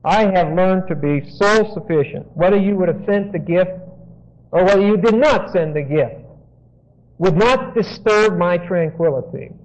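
High-voiced man teaching Bible verses. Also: lively intonation, normal speed. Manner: explains Greek grammar, digressive, frequent "okay?". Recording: dull lo-fi sound.

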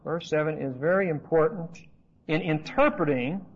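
Male Bible teacher, high husky voice, emphatic and repetitive, casual classroom delivery; dull lo-fi tape. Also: moderate pace. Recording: dull lo-fi recording.

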